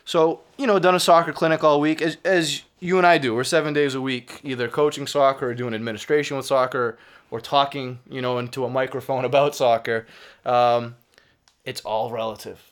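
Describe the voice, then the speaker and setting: A man's voice: mid-range voice, fairly even intonation, fairly quick. A man with a Boston accent, co-hosting a soccer talk show and coaching youth soccer, chatting casually with lots of fillers and restarts. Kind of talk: casual sports chat.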